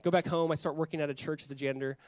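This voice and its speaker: Fast-talking young male pastor preaching. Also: a little high, no room sound. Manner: conversational, animated, acts out quoted voices. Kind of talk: sermon.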